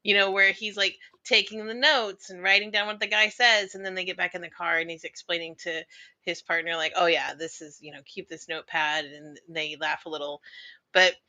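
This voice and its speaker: A woman's voice: on the low side, fairly even intonation, moderate pace, pushed and bright. A woman in a casual film discussion, hesitant at first and giggly.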